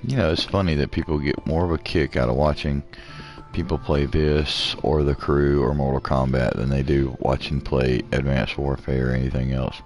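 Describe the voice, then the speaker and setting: A man's voice: very deep voice, steady tone, moderate pace, a little mellow. A man casually commenting on his gameplay in a laid-back way, muttering little sound effects to himself as he plays. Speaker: let's play gamer.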